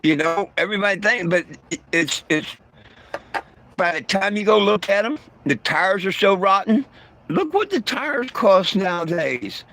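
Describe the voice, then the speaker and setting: A man's voice: sits high, lively intonation, measured pace, a bit bright, slight background noise. A man talking bluntly and profanely to his livestream viewers, stumbling over his words and restarting often. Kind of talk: casual livestream rant.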